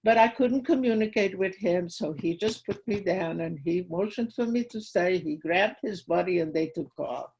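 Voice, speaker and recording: An older woman tells her own story with a gravelly, fry-tinged voice. Her tone is husky rather than clear, and she acts out the dialogue vividly. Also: lowish voice, normal speed, hardly any pauses, a little mellow, highs cut off. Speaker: guest speaker at a school. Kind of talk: personal testimony storytelling.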